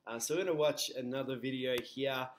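A man's voice: medium pitch, brisk, slight background noise. A male teacher talking casually through a lesson, hesitant and full of fillers.

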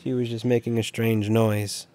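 A man's voice: mid-range voice, normal speed. Wry man chatting over a game. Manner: wry, chatty, shouts when excited. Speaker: host. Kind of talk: casual game-stream commentary.

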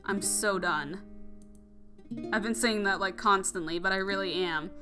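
A young woman narrates her playthrough of a story game, reacting out loud in an expressive, gushing way. Music plays steadily underneath. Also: medium pitch, measured pace. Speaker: let's play host. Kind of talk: emotional gameplay commentary.

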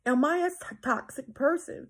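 A woman's voice: sits high, normal speed, fairly bright tone. A woman minister and counselor giving a preaching-style talk, emphatic, repeating her phrases and often checking in with "right?".

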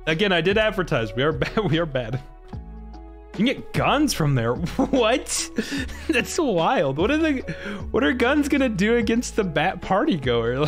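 A young man with a high voice, a gaming streamer, casually comments on his own gameplay during a live stream, often laughing and exclaiming to his chat.

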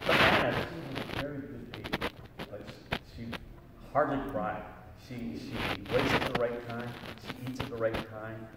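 A middle-aged man, a pastor, telling jokes and stories to schoolchildren in an animated way. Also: medium pitch, moderate pace. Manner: jokey, animated storyteller. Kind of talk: storytelling talk to children. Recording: echoey hall from far off, background noise.

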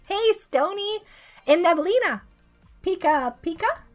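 A woman in her thirties, sick with a rough throat, chatting casually and giggling as she greets viewers during a game stream. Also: very high voice, animated, measured pace. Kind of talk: casual live-stream chat while gaming. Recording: faint music behind the voice.

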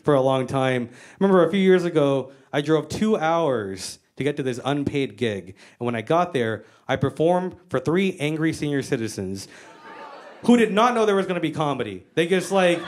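A woman's voice: low-pitched, animated, moderate pace, darkish tone. An American woman doing a stand-up comedy set on stage, brash, profane and self-mocking. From United States. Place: comedy stage before a live audience.

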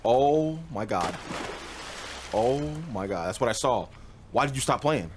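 A young gaming streamer gives casual let's-play commentary, jumpy and slangy, yelping and laughing at scares, with game music behind. His mid-range voice has lively intonation and a measured pace, with slight background noise.

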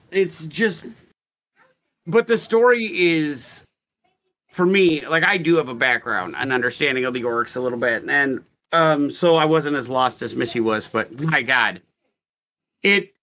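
A man with a fairly high, bright and forceful voice chats casually as a podcast co-host. He rambles, swears freely and cuts himself off mid-thought. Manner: rambling, profane, self-interrupting. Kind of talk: casual book discussion.

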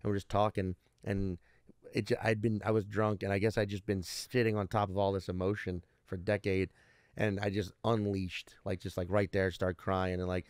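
Swearing nonstop, a man in his thirties appearing as a comedian guest spins rambling stories during a relaxed interview. His voice is fairly low and smooth with little pitch movement, at a moderate pace, on studio-quality audio with no room sound.

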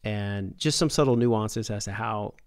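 A man hosts a podcast in an easy, talky manner, thinking out loud and circling back on his words. His voice is low and smooth. The sound is dry and close. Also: measured pace, no room sound. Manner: thoughtful, rambling with restarts. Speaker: podcast host. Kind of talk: casual podcast conversation.

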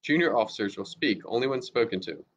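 A man's voice: lowish voice, expressive, fast, a bit bright, a little hiss or hum. A man reading as a harsh fanatical army lieutenant. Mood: commanding. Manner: barking orders. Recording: dull lo-fi recording.

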